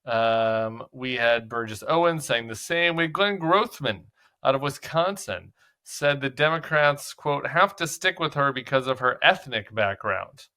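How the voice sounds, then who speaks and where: A man's voice: medium pitch, expressive, unhurried, pushed and bright. A man hosting political commentary, talking casually with a sarcastic, mocking edge.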